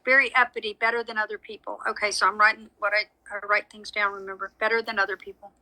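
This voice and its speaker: A woman's voice: mid-range voice, fairly even intonation, fast talker, pushed and bright, rough recording. A woman giving a live psychic reading, chatty and frank with frequent apologies. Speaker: psychic medium. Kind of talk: live social media reading.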